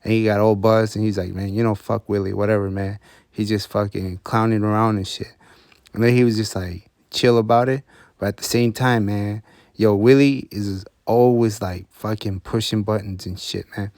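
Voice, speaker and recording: This man tells the story, his voice sitting fairly low. He talks loosely, with plenty of slang and swearing, and the sound is dry and close. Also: fairly even intonation, normal speed, a little mellow, no echo. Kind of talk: casual profane storytelling.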